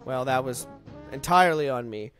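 A young man doing casual, jokey let's-play commentary, rambling and breaking into loud outbursts when he fails. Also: mid-range voice, lively intonation, moderate pace, faint music behind.

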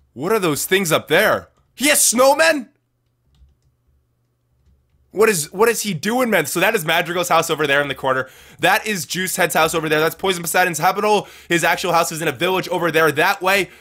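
This gaming livestream host has a slightly high voice with a bright, forceful tone. During a live let's-play he talks to chat with lots of energy, repeating phrases and referring to viewers as dudes and guys.

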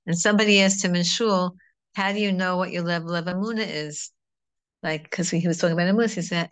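A woman's voice: lowish voice, fairly even intonation, fast talker. Chatty woman teaching a Torah class. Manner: conversational, digressive, mixes Hebrew terms.

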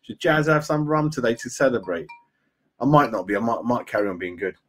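A man's voice: medium pitch, expressive, brisk, fairly bright tone. A man hosting a live fan stream, chatting casually and reading out viewers' comments as he goes. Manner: chatty and matey, reads chat aloud, calls viewers mate. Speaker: fan channel host. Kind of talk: live-stream chat about football.

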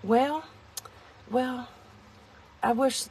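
A woman with a high-pitched, husky, slightly mellow voice talks extremely slowly as she reviews a kitchen gadget from her car. In this casual product vlog she rambles to viewers and jokes at her own expense.

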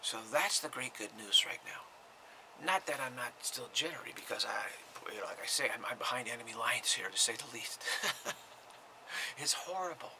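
A man, a spiritual teacher, giving an informal talk to viewers, often dropping into a breathy whisper and repeating words as he goes. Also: medium pitch, expressive, normal speed, noisy background.

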